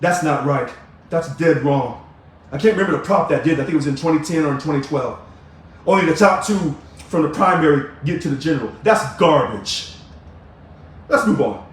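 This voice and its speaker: Man, argumentative commentary vlogger, high voice, heavy room echo. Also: lively intonation, moderate pace. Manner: emphatic, preachy, argumentative. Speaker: video blogger. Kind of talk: direct-to-camera political commentary. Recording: very echoey room.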